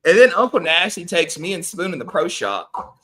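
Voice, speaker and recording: Guy cracking jokes on a podcast, bright sharp voice, kinda high. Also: big pitch swings, normal speed. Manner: joking, playful banter. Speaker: podcast co-host. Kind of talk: casual chat.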